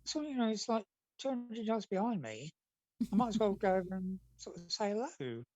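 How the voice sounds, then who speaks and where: A man's voice: sits high, sing-song, moderate pace, darkish tone, lo-fi sound. A man, a comic artist guest, chatting casually and telling rambling anecdotes, acting out what people said.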